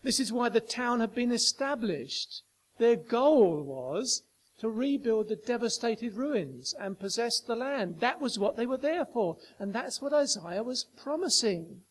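A man preaching a sermon, emphatic and full of rhetorical questions to his listeners. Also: extremely high pitch.

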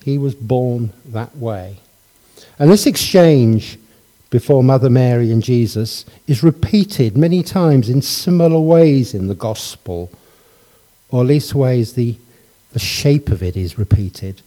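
A man's voice: medium pitch, lively intonation, measured pace, mellow. A middle-aged man preaching a sermon, telling a family story and asking his congregation rhetorical questions in a conversational way.

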